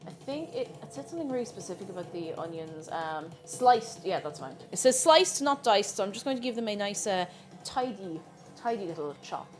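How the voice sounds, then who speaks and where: A young woman chats playfully to her stream while cooking, greeting viewers as she goes. Her pitch swings widely and freely. Faint music plays in the background. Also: animated, a little fast. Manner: chatty, playful, reads chat aloud while cooking. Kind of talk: casual live-stream cooking chat.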